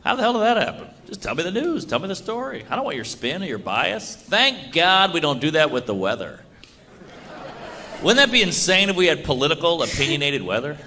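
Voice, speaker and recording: A man's voice: a little high, brisk, slight background noise. A man in his thirties from the United States performing a stand-up comedy set, telling stories and putting on voices for the jokes. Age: 30s. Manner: lively storytelling with put-on voices for jokes.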